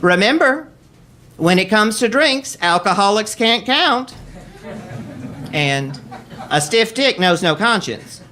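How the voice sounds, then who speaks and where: A man voicing his glamorous older mother, a doting and bossy Southern lady who makes shrill, theatrical pronouncements. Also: expressive, takes it slowly, pauses often, a bit bright, slight background noise. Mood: worldly.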